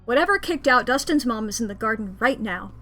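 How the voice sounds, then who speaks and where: Woman streaming a visual novel, reads the text out, joking asides, bright and a bit high. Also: lively intonation, fairly quick, soft background music. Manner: playful, self-mocking asides. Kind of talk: playing and reading a visual novel aloud.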